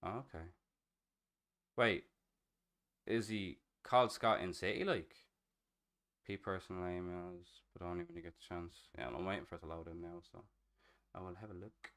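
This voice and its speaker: Irish guy in his 30s on stream, lowish smooth voice, swears constantly, cackles a lot. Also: fairly even intonation, normal speed, long pauses. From Ireland. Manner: crude, swears a lot, laughs loudly. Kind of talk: casual chat while gaming.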